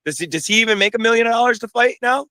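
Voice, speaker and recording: A man's voice: extremely high pitch, quick pace, bright, forceful tone, dry recording. A young man, a fighter being interviewed, talking casually with many restarts and fillers. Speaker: bare-knuckle fighter, interview guest.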